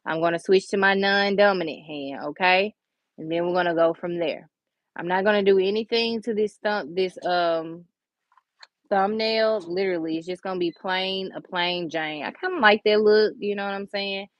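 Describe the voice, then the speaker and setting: A woman's voice: medium pitch, moderate pace, no echo, dull audio. A woman chatting casually through a nail tutorial, talking to viewers as y'all and honey in a folksy, chatty way. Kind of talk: casual how-to chat.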